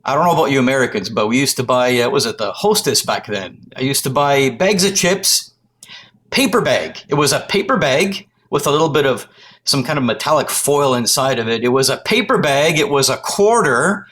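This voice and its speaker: A middle-aged man from the Toronto area, ranting to camera in a loud, exasperated, profane comic rant. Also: medium pitch, animated, moderate pace. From Canada, Toronto area.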